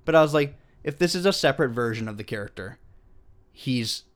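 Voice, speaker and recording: A young man co-hosting a podcast, chatting casually about a film, animated and swearing freely. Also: medium pitch, fairly quick. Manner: animated, swears casually, acts out quoted lines. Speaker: podcast co-host. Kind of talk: casual film review chat.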